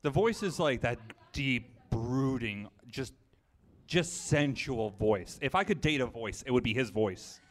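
A man's voice: mid-range voice, animated, a little slow. A man in a casual group chat, joking and telling stories with animation. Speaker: podcast guest.

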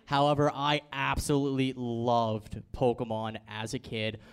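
A man's voice: medium pitch, flat delivery, measured pace, smooth. A man hosting a casual group chat, chatty, putting questions to his guests. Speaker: podcast host.

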